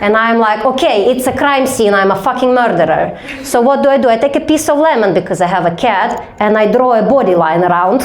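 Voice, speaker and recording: A woman's voice: fairly high pitch, brisk, hardly any pauses, reverberant. Profane young woman doing stand-up. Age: young adult. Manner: profane, deadpan storytelling with acted quotes. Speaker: stand-up comedian. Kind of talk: stand-up storytelling.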